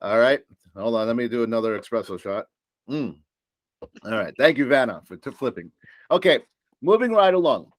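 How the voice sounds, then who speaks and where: A man's voice: medium pitch, expressive, normal speed, pauses often, dry recording. Upbeat New York salesman, dry sound. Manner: upbeat, joking salesman's patter with many fillers. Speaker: supplier sales presenter. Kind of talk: business presentation.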